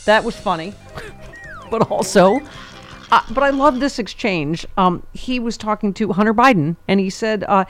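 A woman's voice: medium pitch, normal speed, no room sound, soft background music. A woman hosting a talk radio show, chatting casually, laughing often and acting out the exchanges she quotes.

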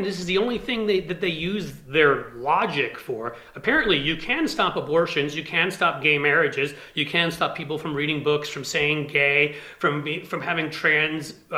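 Man, guest commentator, sharp tense tone, rather high voice, echoey room. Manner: heated, sarcastic. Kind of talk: casual chat.

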